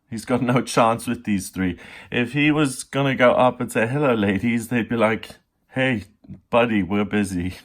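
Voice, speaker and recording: Male tarot reader, mid-range voice, casual and lively, drops into quick character voices. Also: medium pitch. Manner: chatty and animated, acts out little voices for card figures. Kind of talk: casual spoken tarot reading.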